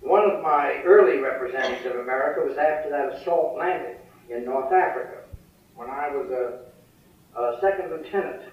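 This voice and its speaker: A man's voice: a little high, moderate pace. An older man giving a speech at a foreign affairs forum, telling wartime stories with wry, dry humor. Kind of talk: after-dinner speech with war anecdotes. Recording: distant, dull, echoey hall recording.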